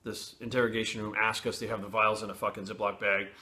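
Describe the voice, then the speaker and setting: A man telling a personal story to camera in casual, blunt and profane talk, pausing and restarting as he goes. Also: on the low side, flat delivery, bright, forceful tone. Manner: blunt and profane, frequent swearing; candid, with pauses and restarts.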